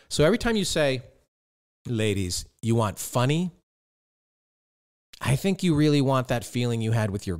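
A man's voice: medium pitch, a little mellow. Male podcast host, middle-aged, playful and chatty, talks straight to the listener, mid-range voice. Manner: playful, conversational, addresses listeners directly. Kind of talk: relaxed advice monologue.

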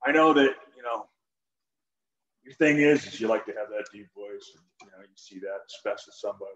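A man's voice: on the low side, brisk, fairly bright tone, roomy sound, muffled recording. A man teaching a shop class in a folksy, joking way while demonstrating tools. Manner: folksy, joking, talks to students directly. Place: school workshop.

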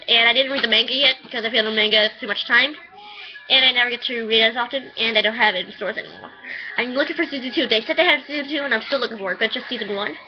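A chatty woman rambles through a casual review at home and bursts into swearing. Her voice sits a little high. The recording is dull and lo-fi. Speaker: anime reviewer.

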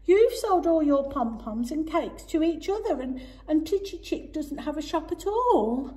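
A woman voicing an excitable young male dog shopkeeper in a children's storybook, eager, high and sing-song. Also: measured pace. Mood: disappointed.

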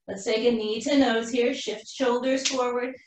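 A woman's voice: on the high side, normal speed. Breathless woman cueing yoga, far off in an echoey room. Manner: calm breathy cueing while flowing through poses herself. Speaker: yoga instructor. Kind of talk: live yoga class cueing. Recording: roomy echo from far off the mic.

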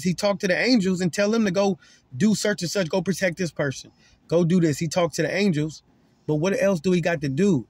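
A man's voice: high voice, slightly rough, no room sound. Emphatic man preaching, dry sound. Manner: emphatic, repeats words as he restarts; repeats key lines for emphasis. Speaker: self-described prophet. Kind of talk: preaching to camera.

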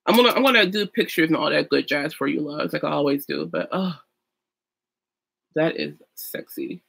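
Young female beauty vlogger, bright tone, chatty and effusive; casual get-ready-with-me talk. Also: low-pitched, moderate pace, creaky, slightly rough. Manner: chatty and gushing, with fillers and sung sounds.

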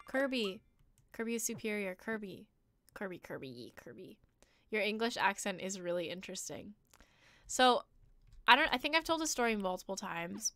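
Bright chatty young American woman. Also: mid-range voice, clean tone, no room sound. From United States. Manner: chatty, rambling storyteller who often laughs. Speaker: musician streaming a game. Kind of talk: casual chat while gaming.

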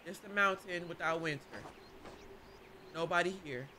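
A woman playing a game on video, reacting in a casual, slangy way with loud exclamations. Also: fairly low pitch, normal speed, noisy background. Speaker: gaming YouTuber. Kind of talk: let's play commentary.

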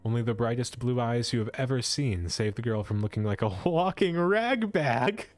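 Reading an adventure tale on his live stream, a young esports streamer keeps breaking off playfully to joke and comment with chat. He talks fast in a medium-pitched, flat, somewhat mellow voice over faint background music.

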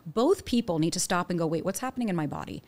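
A young adult woman, a dating coach, talking casually on a podcast and telling stories with acted-out quotes. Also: on the low side. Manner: animated, quick storytelling with acted quotes.

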